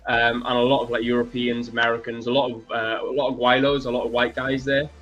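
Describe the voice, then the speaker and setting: A man telling travel stories in a casual live-stream chat, lively and quick to laugh. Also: medium pitch, dull audio, faint music behind. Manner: animated storyteller, laughs often. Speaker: co-host. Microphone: video call or stream setup.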